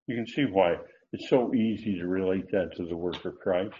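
A man's voice: sits low, moderate pace. A man teaching a Bible study lecture, explaining Greek grammar with asides and self-corrections. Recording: dull lo-fi recording.

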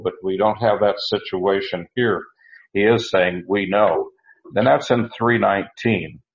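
A man giving a verse-by-verse Bible teaching, halting and restarting often, slowing down to stress key words. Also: deep voice, muffled recording. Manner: halting, with many restarts and uhs.

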